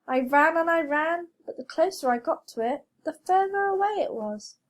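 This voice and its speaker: A woman's voice: very high voice, lively intonation, moderate pace, pitched above the performer's own voice. A woman voicing a greedy, scheming male wolf in a storybook reading. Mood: panting.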